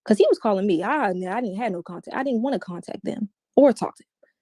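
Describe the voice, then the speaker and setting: A woman's voice: medium pitch, animated, fast, mellow, dry recording, studio quality. A woman as an interview guest, giving a candid, emphatic personal account in slangy everyday speech.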